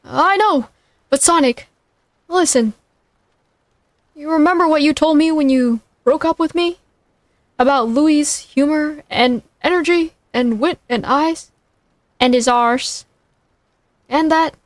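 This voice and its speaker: A nervous man confessing and apologizing in hesitant bursts, as a woman reads him. The voice is high, with a dry, close sound. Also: slow, long pauses, no room sound. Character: anxious, guilty middle-aged man.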